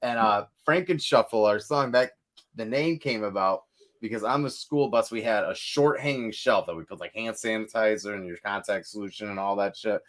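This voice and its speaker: A young man from the northeastern US, a metal band's singer, chatting casually on a podcast, rambling through road stories with swearing and sudden animated outbursts. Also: lowish voice, normal speed. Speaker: metal band vocalist, guest.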